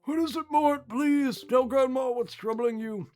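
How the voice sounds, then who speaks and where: A man voicing a gentle, kind elderly grandmother from a video game, coaxing softly. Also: very high-pitched, unhurried, faint music behind, pitched above the performer's own voice. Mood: worried. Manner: soft and coaxing.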